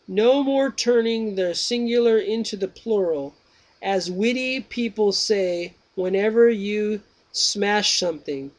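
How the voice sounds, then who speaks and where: Socrates, as a man reads him aloud, slow and lofty. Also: high voice, voice pushed up. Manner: slow, measured, drawn-out reading. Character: Socrates, old male Greek philosopher, patient questioner.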